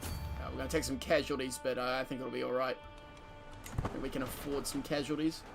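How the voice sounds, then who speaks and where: A man's voice: mid-range voice, little pitch movement, fairly quick, creaky, over music. A man giving casual gameplay commentary, joking and swearing and reading game events aloud. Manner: casual, profane, joking banter with frequent laughter. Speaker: streamer.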